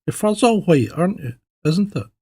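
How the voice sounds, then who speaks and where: A man's voice: high voice, sing-song, normal speed, dark tone, husky, pitched above the performer's own voice, heavily acted. A man doing an exasperated mother polar bear. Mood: patient. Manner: patient then exasperated replies.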